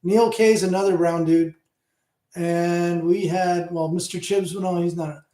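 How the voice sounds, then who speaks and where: A man's voice: high voice, fairly even intonation, measured pace, warm tone, echoey room. Tipsy Canadian man in his fifties rambling. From Hamilton, Ontario, Canada. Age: 50s. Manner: rambling, profane, chatty. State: tipsy from drinking. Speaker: livestream host. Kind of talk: casual livestream chat with viewers.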